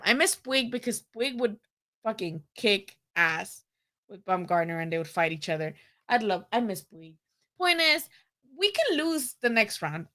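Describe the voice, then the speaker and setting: A young woman hosting a casual boxing livestream, rambling, animated and profane. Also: a little high. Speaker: boxing channel host.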